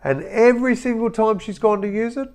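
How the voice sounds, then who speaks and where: Middle-aged Aussie co-host, gravelly voice, blunt cheeky banter. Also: male voice, high voice, fairly quick, darkish tone. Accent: Australian. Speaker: podcast co-host. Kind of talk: casual podcast chat.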